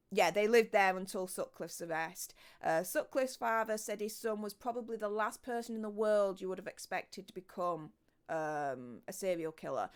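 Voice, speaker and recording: A woman's voice: mid-range voice, clean tone. A woman, hosting a true crime video in casual, emphatic explainer chat full of ums and restarts. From Yorkshire, England.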